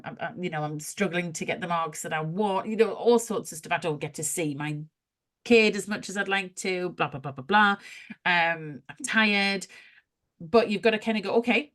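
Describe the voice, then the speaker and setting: A woman co-hosting a casual spiritual chat podcast, reflective and gently encouraging as she talks through everyday examples. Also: lowish voice. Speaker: podcast co-host.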